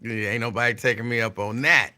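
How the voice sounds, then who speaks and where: On his call-in radio program, a medium-pitched man keeps things loose and playful, laughing frequently and echoing his own remarks. His voice is pushed and bright with a steady tone, and at times he deliberately slows to read a definition aloud.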